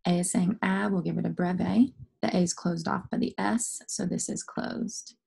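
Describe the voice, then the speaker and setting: A woman's voice: on the low side, fairly even intonation, normal speed, vocal fry, a little mellow, husky. A young adult woman teaching a phonics lesson to young students, patient and encouraging as she goes step by step.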